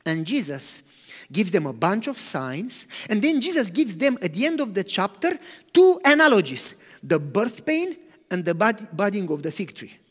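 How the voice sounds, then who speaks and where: A man preaching a sermon, animated, swinging between loud emphatic lines and hushed, quiet ones. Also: sits high, normal speed. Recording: long hall reverb.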